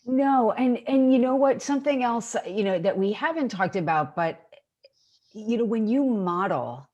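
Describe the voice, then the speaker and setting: A woman's voice: on the high side, expressive, moderate pace, a little mellow, highs cut off. A woman hosting an interview, speaking effusively and stammering through repeated starts. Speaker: interview host. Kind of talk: casual conversational interview.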